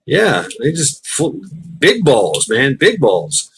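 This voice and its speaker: A man's voice: mid-range voice, wildly swooping pitch, slow, vocal fry, a bit bright. Rambling, foul-mouthed man hosting a stream. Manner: rambling, swears often, laughs, acts out quoted voices. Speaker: livestream host. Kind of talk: casual profane chat.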